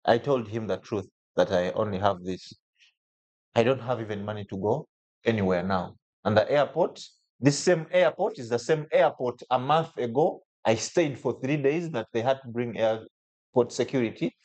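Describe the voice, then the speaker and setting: Animated male storyteller, restless pitch. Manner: animated, jumps up in pitch when quoting people, frequent restarts. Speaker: podcast guest. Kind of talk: personal storytelling in conversation.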